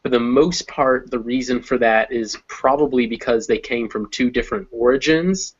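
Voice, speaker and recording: Male English teacher, mid pitch, explains slowly with thinking pauses; slightly dull recording. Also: slightly rough. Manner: explains step by step, pausing to think with many ums. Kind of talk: conversational language lesson.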